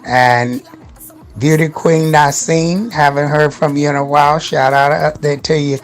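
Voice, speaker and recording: A man hosting a casual radio show, giving shout-outs in an upbeat, loose and slangy way. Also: fairly high pitch, level tone, a little slow, faint music behind. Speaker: radio host.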